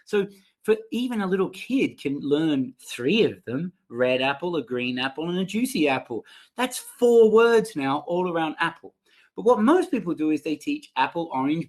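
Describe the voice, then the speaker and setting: A man running a live online training session for language teachers, reading out and reacting to chat answers in an upbeat way over a computer mic. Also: fairly high pitch.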